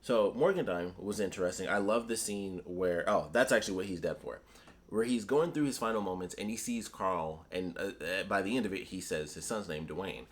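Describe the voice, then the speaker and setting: A man chats through a comic book review in a loose, rambling way. His voice sits a little low. He gets animated and slips into the characters' lines as he retells the scenes. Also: a little fast. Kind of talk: casual solo review chat.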